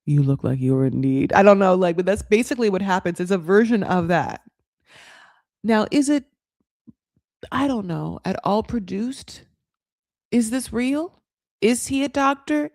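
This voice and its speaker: A woman recapping reality TV in a loose, gossipy ramble that swings widely up and down in pitch. She is candid and peppered with swearing. The sound is dry and close with no room around her. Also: a little mellow, dry recording. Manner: candid, profane, gossipy, with a lot of "like". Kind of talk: casual commentary.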